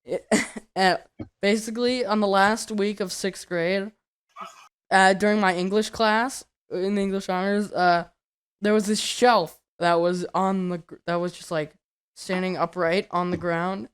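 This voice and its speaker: A man's voice: high voice, fairly even intonation, measured pace, fairly bright tone, smooth. A teenage boy hosting a casual podcast with friends, laughing through his words and swearing casually. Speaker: podcast host.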